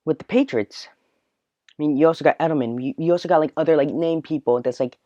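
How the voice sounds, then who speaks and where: A man's voice: on the high side, fast, warm tone, no echo. A man hosting a solo podcast, ranting in a rambling way full of filler words. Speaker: podcast host. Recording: dull, dry, lo-fi recording.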